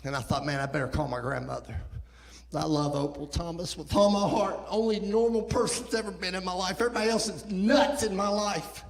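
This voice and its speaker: A man in his thirties tells his story to a church crowd, his voice pitched a little high and swelling to near-shouts at its peaks. The sound is roomy, with a long hall reverb trailing every line. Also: fairly even intonation, fairly quick, gravelly. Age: 30s. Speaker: guest speaker. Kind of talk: testimony talk. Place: church sanctuary.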